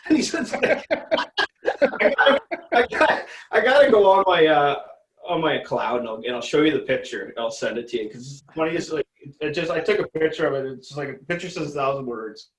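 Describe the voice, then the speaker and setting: A man's voice: a little high, expressive, fairly quick, reverberant, low-quality recording. A man telling a story as an interview guest, casual and profane, rambling and laughing as he goes.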